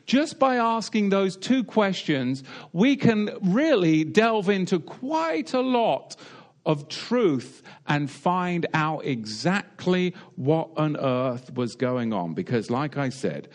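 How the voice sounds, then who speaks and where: A man's voice: a little high, big pitch swings, slow pace. A British man preaching a sermon in a wry, digressive way, full of rhetorical questions and asides. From Britain.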